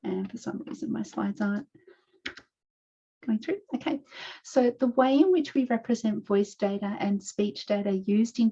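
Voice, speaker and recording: A woman's voice: mid-range voice, mellow. A woman with an Australian accent giving an online conference presentation, explaining her research step by step over a video call. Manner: measured, explanatory, walking through slides. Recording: dull lo-fi video call audio.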